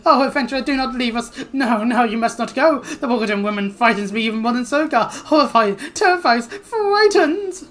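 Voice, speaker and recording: A woman's voice: a little high, expressive, fairly quick, few pauses, fairly bright tone, soft background music, voice pushed up. A woman voicing a whiny, cowering male kobold underling who wails and repeats his words in anxious triplets. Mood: wailing. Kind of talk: reading game dialogue aloud.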